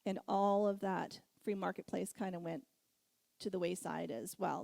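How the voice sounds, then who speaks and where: A middle-aged woman giving a sermon, telling a personal story with frequent laughter and animated moments. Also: medium pitch, normal speed, vocal fry, no room sound. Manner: storytelling, laughs often, animated when recounting. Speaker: guest speaker.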